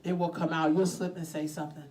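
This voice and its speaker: A woman's voice: low voice, little pitch movement, fast, a crowd in the background. A woman hosting a casual chat show with co-hosts. She talks bluntly, curses freely and laughs often. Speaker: show host.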